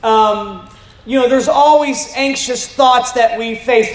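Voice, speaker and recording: A man in his fifties preaching a sermon as a pastor, animated, with joking asides and rising to emphatic shouts. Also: extremely high pitch, slow. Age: 50s. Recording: roomy echo.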